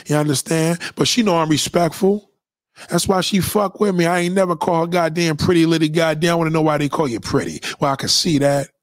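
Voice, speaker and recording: A man streaming a casual, profane monologue, preachy and animated as he lectures his viewers. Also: on the high side, a little fast, dry recording, clean studio sound. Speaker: live streamer.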